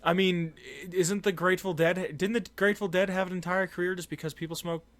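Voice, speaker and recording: A man's voice: high voice, steady tone, fast talker, a bit bright. A young man hosting a podcast, telling a story in a casual, rambling way, packed with "like" and swearing. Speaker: podcast host. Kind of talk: casual chat.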